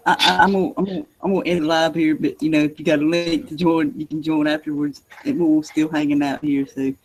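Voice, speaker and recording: A man hosting a casual livestream, easygoing and quick to laugh, trailing off in fillers. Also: fairly high pitch, little pitch movement, poor audio. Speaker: livestream host.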